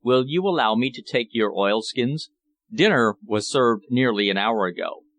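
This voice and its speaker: A man's voice: mid-range voice, animated, normal speed, fairly bright tone, natural voice. A man playing a deferential old butler. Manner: formal and respectful. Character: deferential older male English butler.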